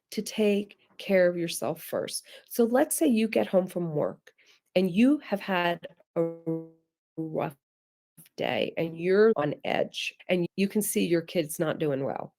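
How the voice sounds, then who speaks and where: A middle-aged woman teaching a webinar, her voice sitting a little low for a woman. She coaxes and urges, leaning on repeated points to drive them home. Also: a little mellow. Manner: earnest, coaxing, emphatic repetition. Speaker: parenting webinar presenter. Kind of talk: instructive webinar talk.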